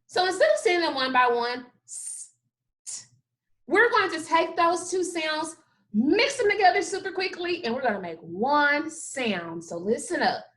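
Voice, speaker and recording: In a recorded phonics lesson, a woman kindergarten teacher speaks with a high, animated, fairly bright voice. She draws out each sound slowly and with exaggeration and keeps offering upbeat praise to the children.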